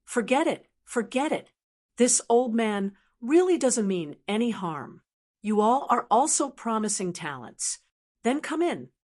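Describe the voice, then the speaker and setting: A woman's voice: fairly high pitch, sing-song, unhurried, darkish tone. Woman reading as an aloof ancient master. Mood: relenting. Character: ancient hidden male martial master, aloof.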